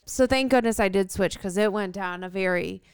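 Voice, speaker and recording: A woman's voice: mid-range voice, moderate pace, clean tone. A young adult woman co-hosting a podcast, telling a story in casual chat and acting out her own quotes with animation. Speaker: podcast co-host.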